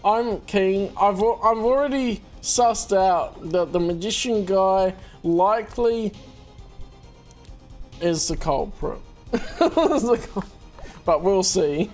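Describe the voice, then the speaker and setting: A man's voice: high-pitched, takes it slowly, darkish tone, faint music behind. A man casually chatting while he plays through a game on stream, laughing often and restarting his sentences as he talks. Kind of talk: casual let's-play chat.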